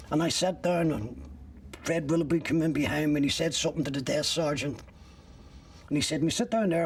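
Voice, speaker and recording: A man's voice: fairly high pitch, a little hiss or hum. An older man giving personal testimony in a documentary interview, retelling events step by step and acting out what others said. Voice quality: gravelly, husky. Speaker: interviewee recounting his arrest. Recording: voice picked up from a distance.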